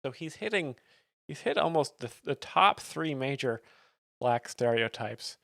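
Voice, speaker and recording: Man, deadpan mock-lecture, gravelly fry, dry sound. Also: mid-range voice, measured pace, no room sound. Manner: deadpan, mock-serious, with fillers. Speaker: comedy stream host.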